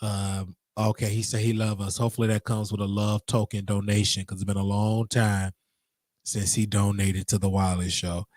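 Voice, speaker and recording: A man's voice: fairly low pitch, little pitch movement, moderate pace, a little mellow, dry recording, clean studio sound. Rambling, preachy livestream host man. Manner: rambling, repetitive, preacher-like call-outs. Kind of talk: casual livestream chat.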